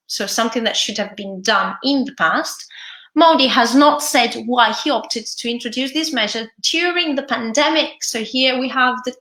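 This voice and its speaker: A woman's voice: a little high, a bit bright, echoey room. A woman English teacher with an Italian accent, reading a news article aloud and explaining it, hesitating often with fillers and restarts.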